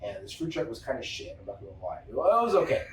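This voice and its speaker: A man's voice: medium pitch, rapid-fire, slight background noise. A man hosting a podcast, telling a casual story with lots of swearing and acting out the people in it. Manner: animated, profane, acts out other people in anecdotes. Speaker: podcast host. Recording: roomy room, distant mic.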